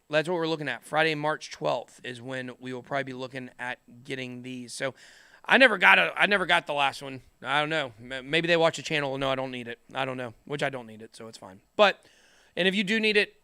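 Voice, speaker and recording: A middle-aged man hosting a crypto channel in casual, energetic, rambling chat to the camera with jokey asides. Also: fairly high pitch, clean tone, no echo, clean studio sound.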